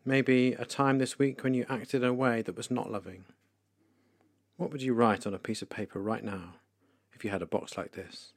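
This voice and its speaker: A man leading a guided meditation for listeners, speaking slowly, calmly and softly with pauses. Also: medium pitch, no echo. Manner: slow, calm, soft-spoken with pauses. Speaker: devotional leader.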